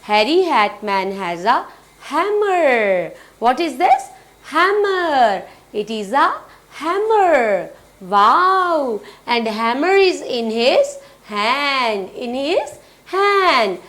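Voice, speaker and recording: A woman teaching young children their letter sounds, speaking slowly and repeating each word. Her voice sits high, and she answers her own questions as she goes. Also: sing-song, a bit bright. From Pakistan. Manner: slow, repetitive, asks and answers own questions. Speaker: phonics teacher. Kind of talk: children's phonics lesson.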